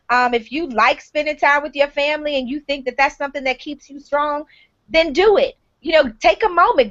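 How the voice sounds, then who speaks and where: High-voiced woman hosting a talk show. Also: fairly bright tone, lo-fi sound. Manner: blunt, frank advice with casual swearing. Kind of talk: live online talk show chat.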